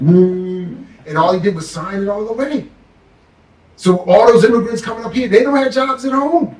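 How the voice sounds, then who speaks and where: A man's voice: high-pitched, lively intonation, moderate pace, darkish tone, far from the mic. A man talking with fiery, sarcastic passion about politics and money, hosting a discussion. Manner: fired-up, sarcastic, mocks the powerful in put-on voices. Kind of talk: impassioned political talk. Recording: roomy, off-mic sound.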